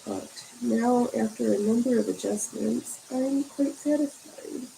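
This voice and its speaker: A woman's voice: a little high, measured pace, gravelly, warm tone, slight background noise, poor audio. A tired woman hosting a sewing livestream from home, chatting in a rambling way and yawning now and then. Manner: rambling and chatty, coos at her cats. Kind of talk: casual chat on a livestream.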